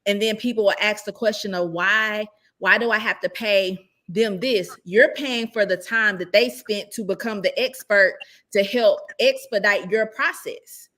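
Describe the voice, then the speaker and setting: A woman's voice: mid-range voice, measured pace, a bit bright. A woman speaking as a real estate investor, giving casual, emphatic advice and often checking in with rhetorical questions.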